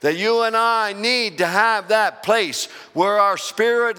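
Pastor guy preaching, bright forceful voice, big echoey church. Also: high-pitched, takes it slowly, few pauses, smooth. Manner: preaching with rising emphasis and audience questions. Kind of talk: sermon. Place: church sanctuary. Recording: long church reverb.

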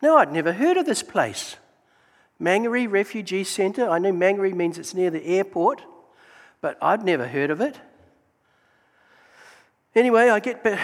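New man, high-pitched storyteller sharing testimony in a reverberant hall. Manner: storytelling, animated, exclaims praise. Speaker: Gideons member giving testimony. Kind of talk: church testimony talk.

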